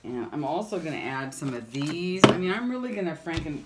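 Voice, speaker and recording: Crafting vlogger, woman with a deep voice, chatty and self-narrating at her table. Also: sing-song, fairly quick, a little hiss or hum. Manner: chatty, rambling, self-talk while working. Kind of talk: casual crafting chat to camera.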